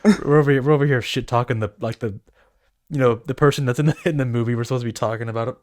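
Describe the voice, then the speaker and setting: A man's voice: medium pitch, steady tone, rapid-fire, a little mellow. A man co-hosting a casual movie podcast, rambling with lots of fillers and swearing. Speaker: podcast co-host. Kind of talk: casual movie review chat.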